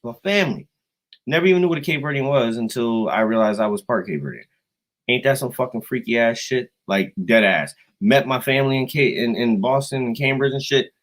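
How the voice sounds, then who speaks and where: An American man rambling profanely on a livestream, jumping between loud outbursts and quiet asides. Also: mid-range voice, brisk, rough recording. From United States. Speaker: livestream host. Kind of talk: rambling casual livestream chat.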